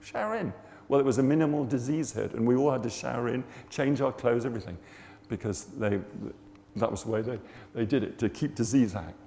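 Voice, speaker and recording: A man preaching, telling a testimony in an animated way and acting out the people in it. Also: medium pitch, brisk, gravelly, in a large hall, slight background noise. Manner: animated, acts out the people in his story. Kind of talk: sermon storytelling.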